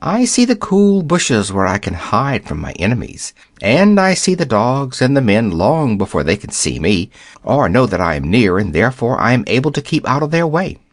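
A man voicing a shy, gentle male rabbit who grows chatty as he talks. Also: mid-range voice, very animated, moderate pace, dry recording, studio quality.

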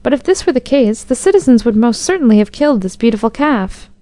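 A woman voicing a perturbed, grave enemy king in a storybook reading, reasoning calmly. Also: a little high, fast talker, dry recording, close to an everyday voice. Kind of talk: storybook narration.

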